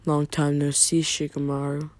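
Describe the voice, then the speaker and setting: A man voicing a smug, vengeful young man who threatens in a low, slow delivery. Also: completely flat delivery, a little mellow, no room sound, close to an everyday voice. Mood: menacing.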